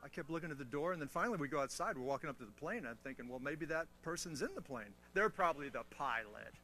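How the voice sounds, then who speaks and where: A man's voice: a little high, quick pace, slight background noise. A man giving a motivational talk on mentoring to a military audience, telling stories with playful asides and teasing humor. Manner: animated storytelling with self-mocking asides. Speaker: guest speaker on mentoring.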